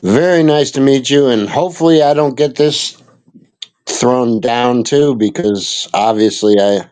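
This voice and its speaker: A man's voice: medium pitch, measured pace, darkish tone. A man joining a casual livestream as a guest, earnest and prone to repeating himself.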